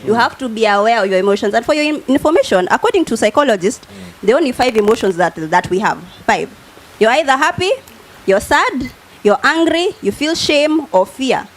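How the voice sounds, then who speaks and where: Kenyan woman, TV guest expert, higher voice, teacherly and demonstrative, studio setting. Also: lively intonation, brisk. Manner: teacherly, acts out everyday examples, mixes English and Swahili. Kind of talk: TV talk show explanation.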